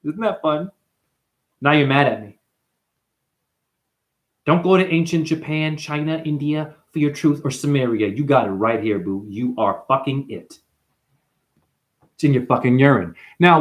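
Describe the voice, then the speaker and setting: A man ranting on a livestream to his chat, profane and impassioned, jumping from one wordplay to the next. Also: mid-range voice. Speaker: livestream host. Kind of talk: rambling livestream rant to chat.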